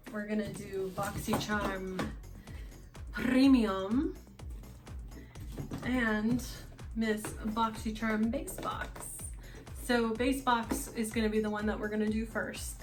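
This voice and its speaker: A woman with a Russian accent chatting casually through a makeup box unboxing, rambling with lots of fillers. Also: mid-range voice. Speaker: beauty vlogger.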